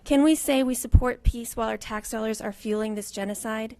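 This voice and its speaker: A woman with a somewhat high voice addresses county commissioners during public comment. She pleads with them in a forceful manner. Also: fairly quick.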